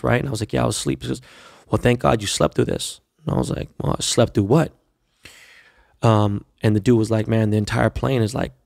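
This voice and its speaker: A man's voice: mid-range voice, gravelly, no echo, clean studio sound. A man hosting a podcast, telling a long profane story in casual monologue and acting out the dialogue as he goes. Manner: profane, animated retelling with quoted dialogue. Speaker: podcast host.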